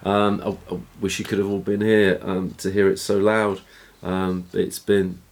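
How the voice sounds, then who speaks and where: A man's voice: low-pitched, little pitch movement, a little slow. A man hosting a podcast in a home studio room, talking casually and hesitantly, with many fillers and restarts. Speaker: podcast host. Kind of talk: casual chat and wrap-up.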